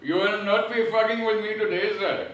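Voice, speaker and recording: A man's voice: high-pitched, fairly even intonation, moderate pace, fairly bright tone, distant mic, slight background noise. A man voicing an indignant, stiffly formal Indian man in a mock Indian accent. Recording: echoey room heard from afar.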